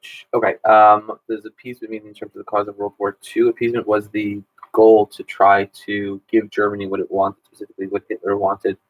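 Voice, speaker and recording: Male teacher, 30s, lowish dry voice; casual, chatty, lots of ums. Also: completely flat delivery, brisk, dry recording, low-quality recording. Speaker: history teacher. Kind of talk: casual exam review Q&A.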